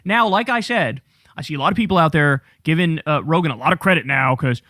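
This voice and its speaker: A man's voice: a little high, lively intonation, fast, sharp tone, no echo, clean studio sound. A man giving political commentary in a sarcastic, mocking, profane tone.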